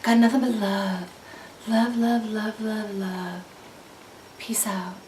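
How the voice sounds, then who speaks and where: A woman voicing a dreamy, laid-back hippie who talks slowly about love and chakras. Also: medium pitch, fairly even intonation, roomy sound, recorded from a distance, slight background noise, natural voice. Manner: slow, spacey, fading soft.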